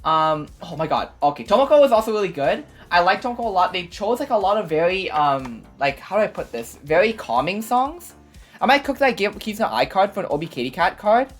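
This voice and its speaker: A woman streamer recapping an event in a casual, rambling way, full of fillers and excited asides. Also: mid-range voice, brisk. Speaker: VTuber streamer. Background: faint background music.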